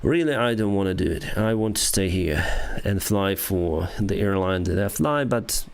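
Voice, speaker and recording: A man in his thirties with a Ukrainian accent, an airline pilot chatting casually with viewers on a live stream in halting English. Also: low voice, animated, gravelly, clean tone. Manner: halting non-native English with restarts and soft laughs.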